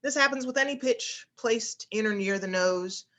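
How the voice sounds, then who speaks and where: A woman speech instructor teaching voice exercises in an online class, often demonstrating bright high exclamations. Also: normal speed. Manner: demonstrates pitches with exaggerated exclamations, frequent fillers.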